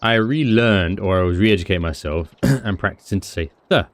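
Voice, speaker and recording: A man's voice: low-pitched, animated, normal speed, no room sound. A British man giving chatty, rambling commentary on his game stream, with self-mocking asides. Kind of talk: casual gameplay commentary.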